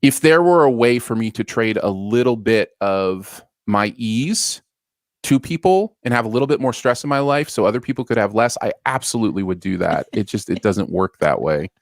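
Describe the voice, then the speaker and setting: A young adult man speaks in a relaxed, thoughtful way on a casual live stream from home. He pauses and restarts as he thinks, and his voice sits a little low. The sound is dry and close. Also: no echo. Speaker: co-host.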